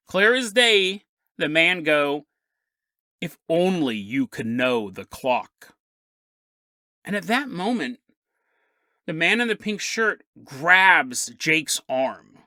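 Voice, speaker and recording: A man hosting a podcast, narrating a strange story in an animated, joking, conversational way. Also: a little high, dry recording, studio quality. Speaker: podcast host.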